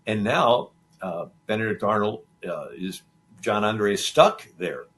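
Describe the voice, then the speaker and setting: Man, lowish voice, talk show host, casual history storytelling, rambling, acts out the quotes. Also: a little slow. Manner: animated, acts out the quoted figures' lines; loose and rambling, with many fillers and restarts.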